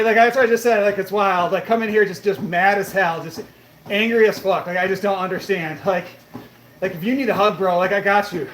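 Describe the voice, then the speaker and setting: A man's voice: sits high, fairly bright tone. A man chatting casually on a live stream, answering viewers' questions in a laid-back way, cursing freely and calling them bro and brother. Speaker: fitness streamer answering chat. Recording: echoey room with faint background noise.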